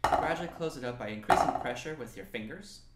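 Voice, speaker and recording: A man's voice: mid-range voice, fast talker, roomy sound, very noisy. A young man from New Mexico teaching an online snare drum lesson, encouraging and counting aloud as he plays along. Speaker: percussion teacher. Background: snare drum and practice pad playing.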